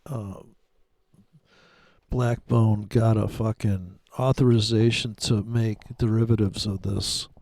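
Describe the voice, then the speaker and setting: A man's voice: medium pitch, gravelly, darkish tone, dry recording, clean studio sound. A man giving rambling, sarcastic, profane commentary while trading live. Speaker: day trader streaming live.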